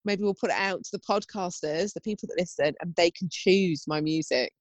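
A woman's voice: lowish voice, fairly quick, no room sound. A woman co-hosting a podcast in casual, jokey, self-mocking chat. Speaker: podcast co-host.

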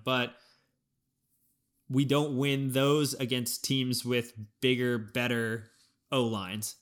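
Animated man breaking down football. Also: medium pitch. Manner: animated, thinking aloud with restarts. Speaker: podcast co-host. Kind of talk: casual sports podcast analysis.

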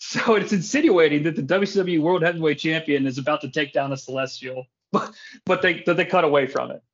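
A man hosts a podcast in loose, casual chat, rambling from tangent to tangent and swearing freely. His voice sits a little high. The recording sounds dull and lo-fi. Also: fairly quick, husky. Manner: rambling, profane, laughs often. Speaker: podcast host.

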